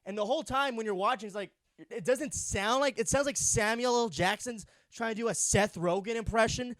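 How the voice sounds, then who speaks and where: Young male comedy podcaster, high-pitched, sleepy rambling rant, profane and sarcastic, dry close mic. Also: fairly quick, a bit bright, no echo. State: sleep deprived. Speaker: podcast host.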